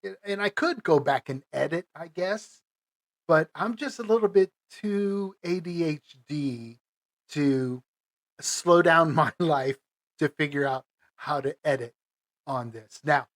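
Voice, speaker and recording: A man's voice: fairly high pitch, takes it slowly. A man hosting his own podcast, talking casually and rambling with lots of fillers, restarts and little chuckles. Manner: chuckles between phrases. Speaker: podcast host. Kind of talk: casual solo podcast monologue.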